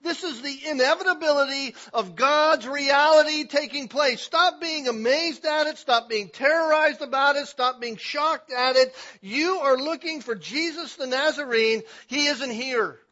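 A man's voice: fairly high pitch, normal speed, few pauses, a bit bright. A man voicing a male angel who commands and urgently repeats himself. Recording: dull lo-fi recording.

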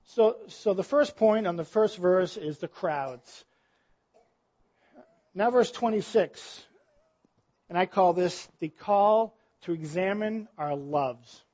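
High-voiced man preaching a sermon. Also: takes it slowly, a little mellow, highs cut off. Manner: conversational preaching, rhetorical questions. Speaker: pastor.

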